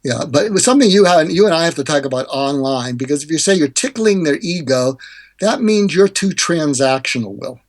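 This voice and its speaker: An older man, a hostage negotiator and author, explaining communication techniques in a podcast interview and acting out quoted lines. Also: fairly quick. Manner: animated, acts out quoted dialogue with pitch jumps.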